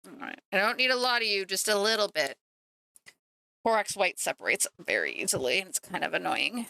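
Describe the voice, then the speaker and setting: A woman chats to her stream while she paints, joking at her own expense. Her voice is bright and forward. The sound is dry and close, with no room echo. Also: mid-range voice, very animated, fairly quick, vocal fry. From Canada. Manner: chatty and self-mocking, talking to chat while working. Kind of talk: casual livestream chat.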